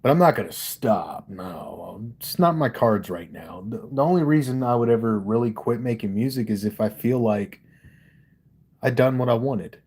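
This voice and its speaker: A man's voice: medium pitch, animated, moderate pace, a little mellow, husky. A man from Delaware hosting a casual livestream, talking candidly and with lots of swearing about his music into a studio microphone. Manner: candid, profane, emphatic. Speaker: livestream host and rapper.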